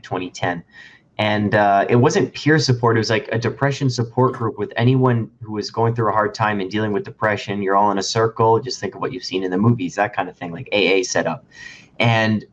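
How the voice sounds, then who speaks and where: Candid man, slightly muffled sound. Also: on the low side. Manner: candid, reflective, and conversational. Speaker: podcast guest. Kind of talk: casual interview chat.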